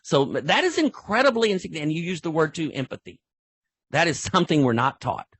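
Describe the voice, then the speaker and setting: A man's voice: fairly high pitch, quick pace, husky, dry recording. A middle-aged man, a veteran football referee, telling stories in a casual podcast interview and acting out sideline exchanges. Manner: animated storyteller, acts out sideline exchanges.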